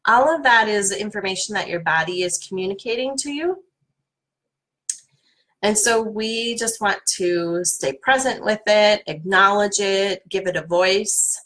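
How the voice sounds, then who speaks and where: A middle-aged woman coach leading a guided tapping workshop in a calm, soothing manner. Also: mid-range voice, rough recording. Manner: calm, soothing guidance with playful repeated names.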